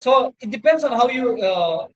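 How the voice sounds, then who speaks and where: A man's voice: extremely high pitch, lively intonation, normal speed, muffled recording. A male university lecturer with an Indian English accent, giving an online lecture into a laptop mic, rambling and checking in with "right?". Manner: rambling, repeats "you know" and "right?". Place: indoors at a laptop, video lecture. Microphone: laptop microphone.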